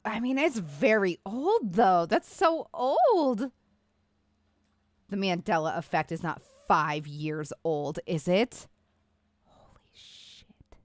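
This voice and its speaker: A woman's voice: medium pitch, no echo, clean studio sound. A woman streamer chatting casually with her viewers, rambling and a little winded. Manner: chatty, rambling, talks to chat. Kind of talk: casual live-stream chat.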